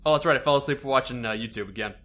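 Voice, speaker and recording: A man's voice: mid-range voice, racing, fairly bright tone. A man co-commentating on a video game in a joking, playful way, laughing often. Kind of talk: comedic gameplay commentary.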